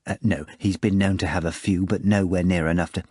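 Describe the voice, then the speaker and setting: Guy doing a jumpy nervous young poet, hushed and meek, dry close sound. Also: low-pitched, steady tone, fairly quick, husky, dry recording, pitched below the performer's own voice.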